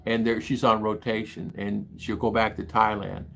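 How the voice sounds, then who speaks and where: A man's voice: on the low side, level tone, normal speed, gravelly. An older American man hosting a casual livestream from the Philippines, talking in a rambling way that turns heated and indignant as he reads out viewer comments. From United States. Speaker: livestream host reading chat. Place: home in the Philippines.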